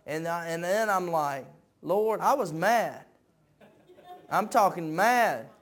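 A man preaching with a high, light voice that climbs even higher as he builds to shouted peaks. He talks conversationally between the climaxes and repeats phrases in a rolling pulpit rhythm. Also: takes it slowly. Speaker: pastor. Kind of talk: sermon.

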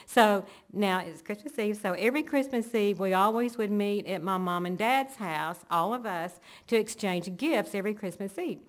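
A woman's voice: mid-range voice, normal speed, hardly any pauses. A woman telling an earnest, emotional personal faith testimony, linking events one after another. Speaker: church member giving testimony.

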